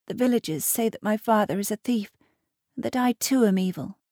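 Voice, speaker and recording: A woman's voice: medium pitch, normal speed, mellow, no echo, clean studio sound, pitched above the performer's own voice, natural voice. A woman voicing a sick, weary young dwarf boy who speaks sadly and politely. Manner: weary, sad and courteous.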